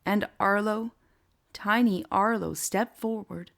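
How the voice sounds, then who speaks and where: A woman narrating a whimsical storybook in a calm, measured way. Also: mid-range voice, gravelly.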